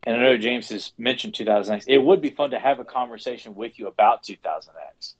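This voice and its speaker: A man's voice: mid-range voice, dull audio. A man co-hosting a podcast, rambling in casual chat. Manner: rambling, quick talker. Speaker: podcast co-host.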